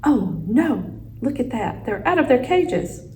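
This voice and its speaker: A woman's voice: a little high, big pitch swings, unhurried, a little mellow, reverberant, slight background noise, voice pushed up. A woman doing a kind, worried teacher. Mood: concerned. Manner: concerned and sympathetic.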